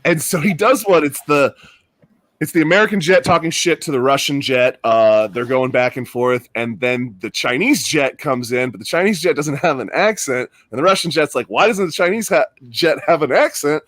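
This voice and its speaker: A man's voice: medium pitch, a bit bright, dry recording. A man hosting a casual podcast, telling stories in a chatty way and laughing easily. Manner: chatty storyteller, quick to laugh. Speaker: podcast host. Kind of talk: casual chat.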